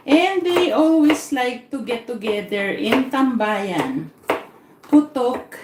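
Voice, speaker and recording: A woman hosting a cooking livestream, telling a rambling story from her kitchen and repeating words as she goes. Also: sits high. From Philippines. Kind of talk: casual storytelling while cooking. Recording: echoey room, faint noise.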